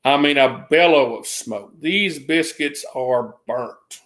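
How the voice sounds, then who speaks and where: A man's voice: mid-range voice, slow pace, a bit bright. A man casually telling a long rambling story, restarting sentences and raising his voice to mimic others.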